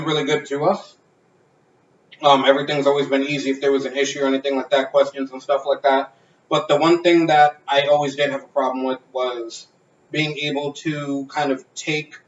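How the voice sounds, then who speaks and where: A man hosting a casual podcast from a garage, talking in a loose, rambling way with plenty of swearing. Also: mid-range voice. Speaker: podcast host. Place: home garage. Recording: roomy, distant, dull garage sound.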